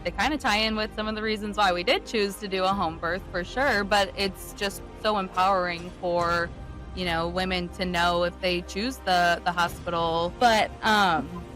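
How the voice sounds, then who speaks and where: Young woman, animated storytelling. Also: lowish voice, soft background music. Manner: quick, animated storytelling with laughter. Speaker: podcast guest, new mother. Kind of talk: casual interview chat.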